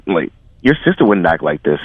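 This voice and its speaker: A man on a radio call, speaking in a halting, defensive, dismissive way. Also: low-pitched, big pitch swings, breathy edge, phone-quality sound. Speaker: caller on a radio segment. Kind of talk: on-air phone conversation.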